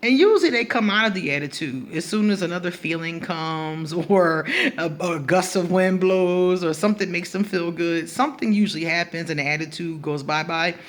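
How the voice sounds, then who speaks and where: This woman runs an astrology vlog and addresses the camera head-on, animated and blunt, with laughs breaking up what she says. Her voice is fairly low and her pace moderate.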